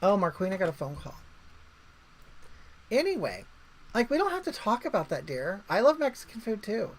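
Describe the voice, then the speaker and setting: A woman's voice: medium pitch, sing-song, moderate pace, low-quality recording. Chatty rambling woman streaming live. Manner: rambling, chatty, reads viewer comments aloud. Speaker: livestream host. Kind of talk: casual livestream chat.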